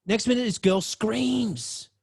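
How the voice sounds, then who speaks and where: A man's voice: high voice, slow, a little mellow, husky. A man, a podcast host telling a personal story in a dramatic way and swearing freely.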